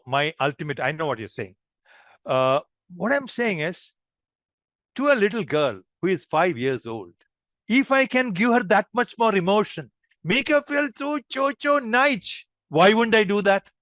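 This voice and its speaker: A man's voice: fairly high pitch, animated, moderate pace, fairly bright tone, no echo, clean studio sound. A man leading an online public speaking workshop, demonstrative and addressing the group as friends.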